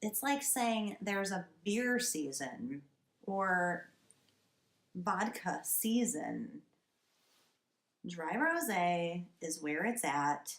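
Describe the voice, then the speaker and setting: A woman in her thirties hosts a casual wine vlog from a basement cellar. Her delivery is slow and deliberate, wry and emphatic, with a comic, exasperated edge. The room adds a noticeable echo around her voice. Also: medium pitch, sing-song. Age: 30s. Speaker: wine show host. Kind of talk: casual comic monologue to camera. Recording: roomy echo.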